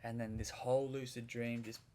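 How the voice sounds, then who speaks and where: A man's voice: mid-range voice, little pitch movement, moderate pace, warm tone, a little hiss or hum. A man, a podcast guest, telling a vivid story in casual conversation, rambling a little with restarts.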